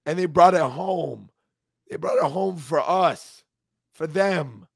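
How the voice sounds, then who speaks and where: A man's voice: fairly high pitch, slow pace, vocal fry, husky, dry recording. A man co-hosting a casual podcast, emotional and swearing freely, his voice breaking as he talks close to tears. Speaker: podcast co-host.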